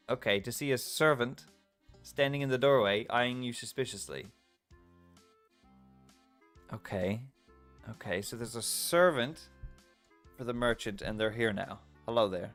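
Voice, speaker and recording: A man's voice: mid-range voice, lively intonation, moderate pace, a bit bright, faint music behind. Man reading a text adventure aloud. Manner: playful, laughs often, reads lines then reacts. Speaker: streamer.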